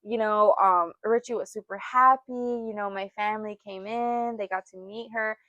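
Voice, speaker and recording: A woman's voice: mid-range voice, fairly even intonation, moderate pace, bright, forceful tone, no echo, highs cut off. A young woman co-hosting a casual podcast chat, telling a personal story with frequent laughter and quoted voices. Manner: chatty, laughs often, acts out quotes. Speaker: podcast co-host.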